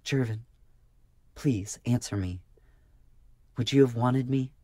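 A man voicing an earnest young priestess in an audiobook, raising his voice to a pleading, breathless pitch. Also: normal speed, dark tone, no room sound, studio quality, close to an everyday voice.

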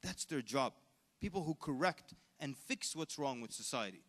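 A man's voice: mid-range voice, expressive, normal speed, fairly bright tone, long reverb tail. A man giving an Islamic lecture at a convention, telling stories in an emphatic way and acting out the people he quotes. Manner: storytelling with quoted voices, emphatic. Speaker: Islamic speaker. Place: convention hall.

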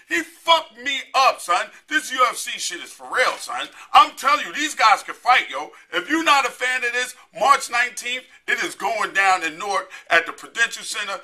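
A man's voice: sits high, sharp tone. A middle-aged man hosting a comedic promo, delivering a brash, profane rant with a repeated catchphrase. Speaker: host of comedy promo bit.

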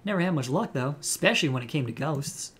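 A man's voice: on the high side, animated, fast talker, fairly bright tone, husky. A man voicing a chatty young female cryptid-hunting vlogger in a put-on Southern US accent, breezy and rambling. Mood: folksy.

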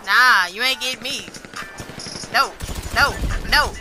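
A woman's voice: fairly high pitch, slow pace. A young woman doing casual live-stream commentary, trash-talking and laughing as she plays. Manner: loud, playful trash talk with bursts of laughter. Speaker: gaming streamer. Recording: gameplay music underneath. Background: game gunfire and music.

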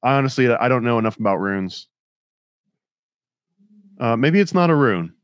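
A man hosting a casual podcast chat, relaxed and laughing often, with lots of fillers. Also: medium pitch, moderate pace, smooth, no room sound, studio quality. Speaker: podcast host.

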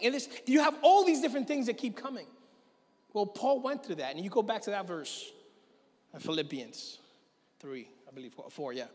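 A male pastor preaching a sermon, telling a story with animated delivery and acting out the voices of the people in it. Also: high voice, normal speed, long reverb tail. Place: church hall.

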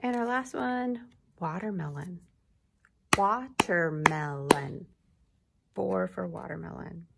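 A woman teacher giving a gentle, encouraging lesson to young children, clapping out syllables. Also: mid-range voice, animated, normal speed, gravelly, very noisy.

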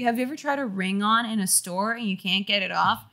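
A woman's voice: medium pitch, a little fast, bright, forceful tone. A woman reading a children's horror book aloud while a bit tipsy, dropping in wry joking asides. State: tipsy from drinking.

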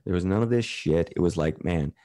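A man's voice: low-pitched, fairly quick, mellow. A man guest on a talk podcast, telling candid, profane stories and acting out what others said to him. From Canada. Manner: candid, profane, retells quotes in others' voices. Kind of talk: casual storytelling.

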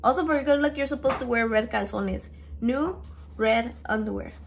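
A woman's voice: on the high side, moderate pace. A young woman filming a casual cooking vlog in her home kitchen. She is playful and swears a lot, and she drops Spanish words into her English. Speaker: home cook vlogger. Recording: clear noise of chopping and clicks.

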